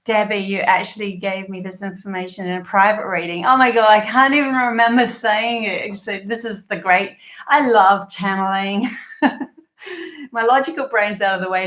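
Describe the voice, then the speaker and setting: A woman talks through a live tarot reading in a roomy, echoey space, her voice sitting at a middle pitch. She is chatty and openly emotional, laughing often and filling pauses with ums and likes. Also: fairly bright tone. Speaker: tarot reader and channeler.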